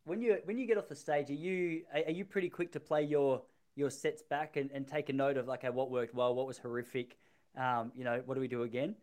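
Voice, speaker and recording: A man's voice: mid-range voice, fairly even intonation, fairly quick, a little mellow. A man interviewing a fellow comedian in a casual chat, speaking with appreciative enthusiasm.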